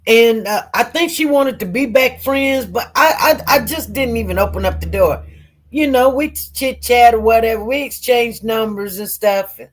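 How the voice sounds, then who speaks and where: A woman's voice: fairly high pitch, moderate pace. A woman telling personal stories to her viewers in a casual, rambling way, with many fillers and repeated words.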